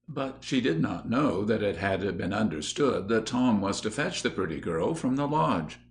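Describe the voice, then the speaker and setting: Male audiobook narrator, measured reading, low pitch, expressive up and down. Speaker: audiobook reader. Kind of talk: storybook narration.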